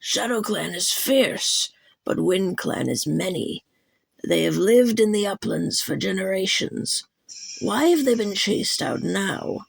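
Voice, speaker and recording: A woman voicing an anxious old she-cat elder who speaks in a slow, croaking way in an audiobook reading. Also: mid-range voice, animated, no echo, heavily acted. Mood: worried. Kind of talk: audiobook character voice.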